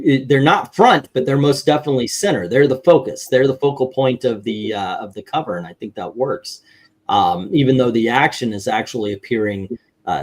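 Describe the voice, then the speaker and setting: A man's voice: medium pitch, husky. A man hosting a casual panel that ranks comic covers. He reads out viewer scores and rambles through his counting with lots of fillers. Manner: rambling, many fillers while counting aloud.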